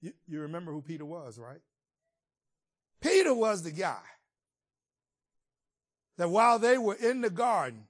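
A man preaching a sermon as a pastor, retelling scripture in a conversational, colloquial storytelling way. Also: high voice.

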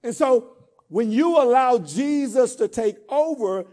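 A man's voice: extremely high pitch, animated, a little slow, dark tone. A man preaching a sermon, with call-and-response cadence and casual vernacular asides, building to emphatic peaks. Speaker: pastor.

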